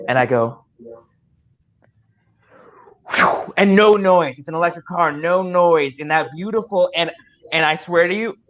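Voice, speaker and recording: Excitable young man spinning a tall tale. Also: on the high side, unhurried, long pauses. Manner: excited rambling, many stammered restarts. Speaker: improv player telling a story. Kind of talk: comic storytelling game.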